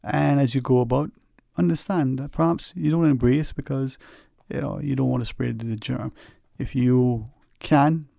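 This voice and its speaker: A man's voice: medium pitch, fairly even intonation, moderate pace, gravelly, few pauses, dark tone, no room sound. A man hosting a radio talk show, rambling and folksy with lots of "you know", earnestly advising listeners from a studio microphone.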